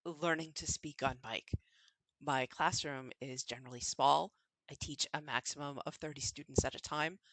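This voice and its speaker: A woman literature professor co-hosting a podcast, speaking in a measured, articulate, matter-of-fact way. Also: deep voice, steady tone, fairly bright tone, dry recording, poor audio. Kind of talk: conversational podcast chat.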